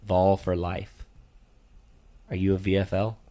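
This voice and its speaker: A man's voice: deep voice, little pitch movement, measured pace, mellow. A middle-aged man co-hosting a casual sports-picks podcast, teasing and playfully bossy as a father.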